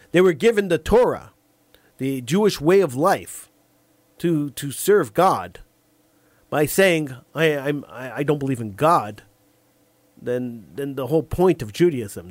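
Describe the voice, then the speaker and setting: Opinionated male talk-show host, lively swooping delivery, slightly high, often stuck on repeated words, dry close sound. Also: no room sound. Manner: acts out imagined callers in quick back-and-forth. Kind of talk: call-in radio talk monologue.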